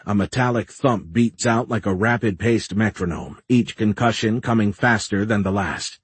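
A man narrates a first-person audiobook in a measured, tense manner. His voice is low and husky. The recording is dry and close. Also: no room sound.

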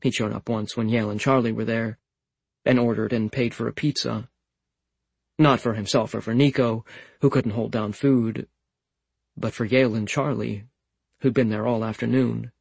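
Male narrator, audiobook, calm, measured, husky, gravelly, dry close mic. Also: medium pitch, no echo, poor audio. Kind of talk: scripted literary narration.

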